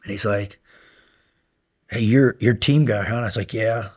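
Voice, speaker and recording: In a casual storytelling interview, a middle-aged podcast guest and former SEAL instructor tells war stories in a fairly low voice at a moderate pace. He rambles with plenty of fillers and turns profane and animated whenever he recounts yelling.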